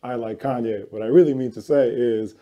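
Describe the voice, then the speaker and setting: A man interviewing a musician, speaking in a measured way and offering short agreements. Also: mid-range voice, warm tone, highs cut off. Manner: measured, brief affirmations. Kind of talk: interview talk.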